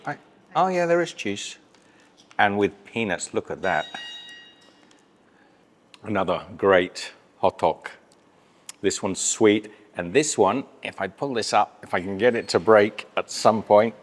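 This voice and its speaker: A man's voice: on the low side, lively intonation, takes it slowly, long pauses. A man hosting a casual travel food vlog outdoors at a street stall, chatty and cheerful, laughing often and talking while he eats. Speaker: travel vlogger.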